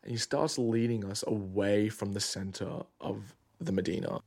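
A man in his twenties telling a personal travel story in a casual, vivid way with quick asides. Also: lowish voice, gravelly, a little mellow. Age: 20s. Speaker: student storyteller.

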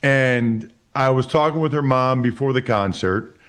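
A man in his forties from Pennsylvania, a guest telling stories in a casual chat. He talks in an animated way and often repeats words as he starts sentences. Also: mid-range voice, a little slow. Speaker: interview guest. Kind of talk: casual storytelling.

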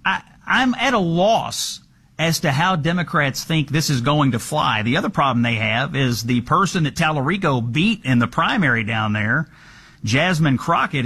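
A man's voice: on the high side, fairly bright tone, husky. A man hosting a political talk show, asking pointed, sarcastic questions. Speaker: host.

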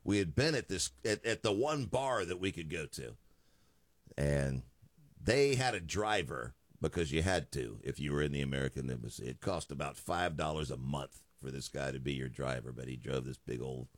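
A man's voice: a bass voice, expressive, normal speed, dry recording. A man in his fifties, a radio talk show host, telling a joking story in a studio.

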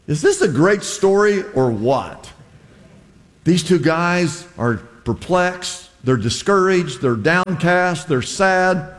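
A man's voice: fairly high pitch, expressive, measured pace, big-room sound. A man preaching a sermon as pastor, retelling a story with voiced quotes and jokes. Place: church.

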